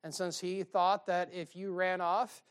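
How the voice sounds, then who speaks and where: A man's voice: high voice, flat delivery, measured pace, clean tone. A man preaching a sermon, reading old-style scripture aloud and cracking sarcastic jokes with many rhetorical questions to the congregation.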